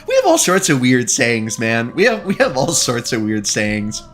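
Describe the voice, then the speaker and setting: A man's voice: medium pitch, wildly swooping pitch, moderate pace, fairly bright tone, faint music behind. A young man with a slight Eastern Canadian lilt, chatting casually and laughing often while streaming a game. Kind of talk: casual chat while gaming.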